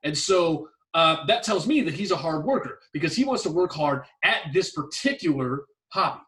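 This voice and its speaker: A man's voice: on the high side, animated, moderate pace, sharp tone, recorded from a distance. A man hosting a relationship advice podcast, ranting bluntly and swearing constantly as he repeats his points. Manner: profane, emphatic, repetitive ranting. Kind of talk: blunt advice-show rant.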